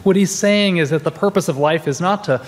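A man in his forties, a minister, preaches a sermon in a church sanctuary, his high voice moving a little fast. He tells stories conversationally, restarting often, and the large hall gives a long reverb.

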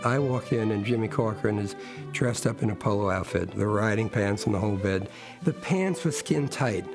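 Man, gravelly lowish voice, dry wry anecdote, music playing underneath. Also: animated, moderate pace. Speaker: interviewee, acquaintance of the subject. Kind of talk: documentary interview anecdote.

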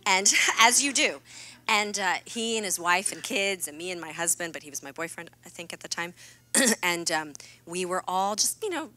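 Bright-toned woman, earnest keynote storyteller. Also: lowish voice, expressive, moderate pace. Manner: earnest and confiding, with playful asides. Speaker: keynote speaker. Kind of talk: candid personal storytelling talk. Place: stage at a fireside keynote event.

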